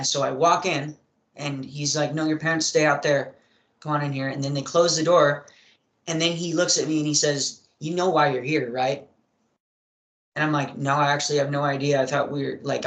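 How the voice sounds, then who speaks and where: A man's voice: mid-range voice, fairly bright tone. Man telling his story in an echoey room. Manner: rambling, many fillers and throat clearing. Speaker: interview guest. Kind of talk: casual storytelling in an interview.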